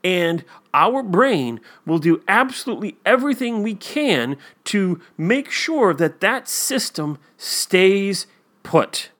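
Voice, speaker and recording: A man chats casually about a TV episode on a talk show, his voice sitting a touch high. He wanders through his points with plenty of fillers and acts out the lines he quotes. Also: big pitch swings, slow, fairly bright tone. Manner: rambling storyteller, many fillers, acts out quotes.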